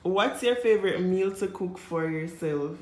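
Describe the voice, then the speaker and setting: A woman's voice: fairly low pitch, unhurried, a crowd in the background. A Jamaican woman hosting a casual vlog, asking her coworkers questions and laughing often. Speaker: vlogger host asking questions. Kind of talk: casual group chat. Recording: echoey room.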